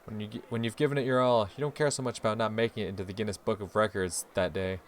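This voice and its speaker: A man's voice: fairly low pitch, fairly even intonation, fast talker. A man hosting a game playthrough, reading the story aloud expressively with swearing asides. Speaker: let's play host.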